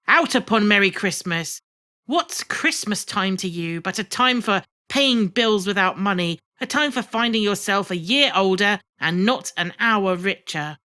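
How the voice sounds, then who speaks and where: A woman voicing a miserly old man who is scornful and cross, speaking gruffly in a storybook reading. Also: mid-range voice, bright, forceful tone.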